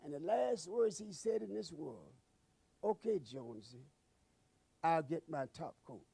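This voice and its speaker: A man's voice: on the high side, expressive, a little slow, creaky, warm tone, husky, no echo. A man recounting an eyewitness memory in an emotional, dramatic storytelling manner. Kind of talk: eyewitness recollection.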